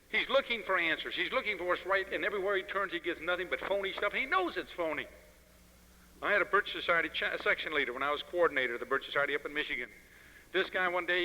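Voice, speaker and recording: A man's voice: on the high side, bright, forceful tone. A man giving an impassioned political lecture, telling stories in an emphatic, preachy way, heard on an old 1971 lecture recording. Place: lecture hall. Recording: 1971 lecture recording with long hall reverb.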